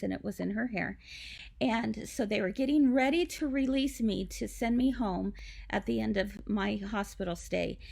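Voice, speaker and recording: A woman's voice: mid-range voice, creaky, darkish tone. A woman hosting a live craft tutorial for a quilt shop from home, chatty and confiding with lots of asides.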